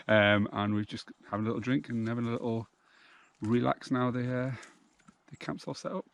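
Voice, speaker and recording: A British man with a fairly low voice talks casually while showing off a woodland camp. He sounds relaxed and chatty and laughs easily. Faint outdoor noise sits behind him. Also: quick pace, vocal fry. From United Kingdom. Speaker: channel host.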